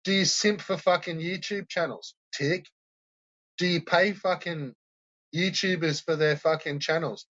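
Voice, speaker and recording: A man's voice: fairly high pitch, steady tone, unhurried, sharp tone, lo-fi sound. A man hosting a stream, ranting and mocking viewers with constant swearing. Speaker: host of a troll-reaction stream. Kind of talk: profane ranting commentary.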